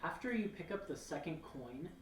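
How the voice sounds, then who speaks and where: A woman's voice: sits low, animated, moderate pace, a crowd in the background. A woman narrating a tabletop game as game master, describing scenes with many hesitations and fillers. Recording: echoey room, far from mic.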